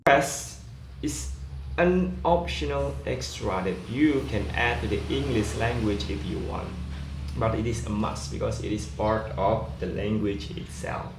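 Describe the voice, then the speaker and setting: A man teaching English word stress in a slow, explanatory lecture, often adding "yeah". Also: lowish voice, vocal fry. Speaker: pronunciation teacher. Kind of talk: recorded lecture. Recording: echoey room, faint ambient noise.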